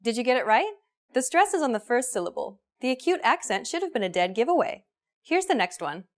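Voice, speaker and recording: A woman hosting a language course, reading a scripted lesson in a clear, even teaching manner. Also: on the high side, brisk.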